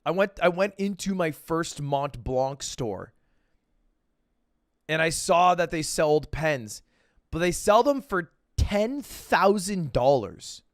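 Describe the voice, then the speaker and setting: Animated young male streamer, lively voice. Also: fairly high pitch, slow, no room sound, studio quality. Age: young adult. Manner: animated storytelling, acts out voices of people in his story. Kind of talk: casual chat with viewers.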